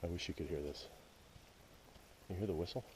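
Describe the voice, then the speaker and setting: Heavy noise surrounds this Canadian man as he narrates a woodland hike to his action camera. His voice is low and a little fast, his commentary wry and grumbly.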